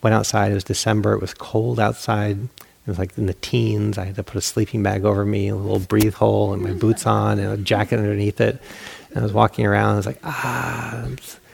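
A man's voice: lowish voice, flat delivery, quick pace, creaky, a little mellow, slightly rough. A meditation teacher giving a dharma talk, telling a story with candid, self-mocking humor and acting out his own inner voices. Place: meditation hall.

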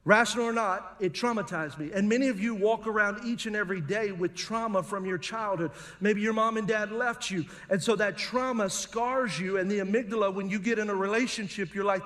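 A man's voice: sits high, brisk, hardly any pauses, fairly bright tone. A middle-aged male pastor, preaching a sermon in a conversational, humorous storytelling manner. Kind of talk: sermon with personal stories.

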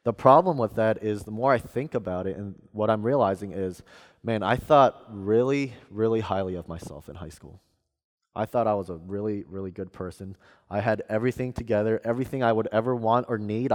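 A young man delivers a sermon from the pulpit, earnest and self-deprecating, stumbling into fillers and restarts as he goes. His voice sits a little low, and a long hall reverb trails each phrase through the church. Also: fairly quick, darkish tone. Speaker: preacher. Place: church sanctuary.

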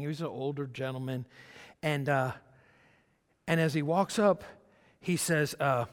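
A man's voice: fairly high pitch, unhurried, long pauses, clean tone, in a large hall. A man preaching a sermon, telling a personal story in a loose, conversational way with many restarts and fillers. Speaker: pastor.

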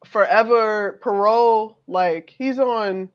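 A woman's voice: medium pitch, slow. A woman in casual conversation, joking and wry, acting out little quotes of the people she talks about. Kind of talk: casual chat about a music event. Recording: dull lo-fi recording.

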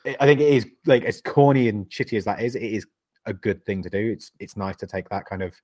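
A man's voice: lowish voice, fast talker, darkish tone. Sweary rambling male podcast co-host. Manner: rambling, sweary, laughs often. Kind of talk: casual chat.

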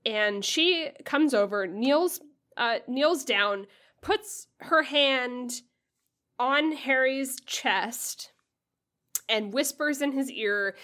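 A woman's voice: mid-range voice, pushed and bright. A woman co-hosting a casual book podcast, summarizing a chapter in a chatty, filler-heavy way and tossing off breezy mock quotes. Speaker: podcast co-host.

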